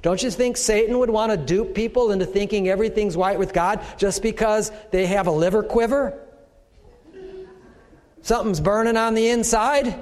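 A middle-aged man delivers a sermon in a loose, conversational style, slipping into quoted voices as he goes. His voice sits high for a man. The sound carries a long reverb, as though recorded in a large hall. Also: darkish tone. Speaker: pastor.

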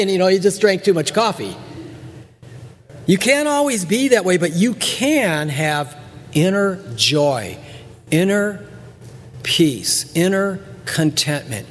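Male pastor, high voice, lively sermon delivery in a reverberant hall, playful asides. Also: takes it slowly, long pauses, slight background noise. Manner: animated preacher, acts out voices, repeats words for emphasis.

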